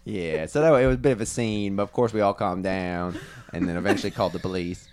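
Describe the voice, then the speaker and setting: A man improvising a rambling party guest who spins deadpan tall tales and laughs at his own jokes in a comedy podcast. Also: sits low, fast talker, heavy background noise. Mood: playful.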